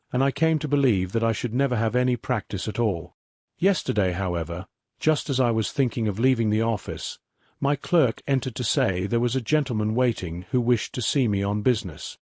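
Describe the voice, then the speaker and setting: A man narrating a sleep-story audiobook in a calm, measured way. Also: mid-range voice, dry recording, clean studio sound.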